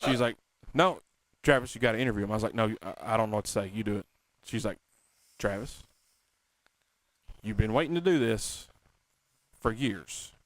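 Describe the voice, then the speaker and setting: A man hosting a casual talk show, telling a story in an animated, excitable, self-mocking way. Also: fairly low pitch, moderate pace, long pauses, no room sound. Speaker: podcast host.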